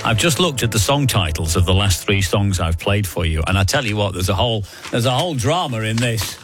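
A man's voice: fairly low pitch, lively intonation, brisk, a bit bright, soft background music. A man with a Lancashire accent presenting a radio show in a casual, joking way, reading out listeners' messages. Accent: Northern English, Lancashire. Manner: chatty, joking, reads out listeners' names. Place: radio studio. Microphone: studio microphone.

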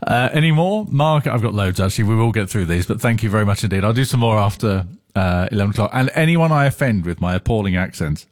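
A male radio host, chatting casually and laughing as he reads out listener messages. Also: lowish voice. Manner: chatty, self-mocking, laughs easily. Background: music.

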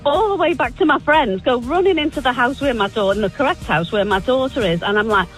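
A woman calling into a radio show, telling a funny story and jumping her voice high when she quotes herself. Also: fast, soft background music, rough recording. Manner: animated, voice jumps high when quoting herself. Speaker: caller.

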